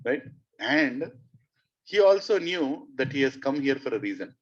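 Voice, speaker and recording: Animated man. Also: mid-range voice, measured pace. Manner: animated, questions the audience often. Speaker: spiritual speaker. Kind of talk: devotional storytelling talk. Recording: dull lo-fi recording.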